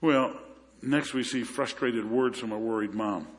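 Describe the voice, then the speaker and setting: Pastor preaching in a reverberant hall. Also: male voice, mid-range voice, unhurried. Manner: conversational storytelling with repeated restarts. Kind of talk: sermon.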